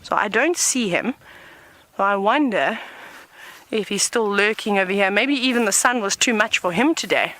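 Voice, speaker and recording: A woman's voice: medium pitch, expressive, moderate pace, fairly bright tone, no room sound, poor audio. A woman, a safari guide talking viewers through a live walk outdoors, chatty and explaining as she goes, sometimes dropping to a whisper. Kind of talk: live nature broadcast on foot. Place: outdoors in the bush.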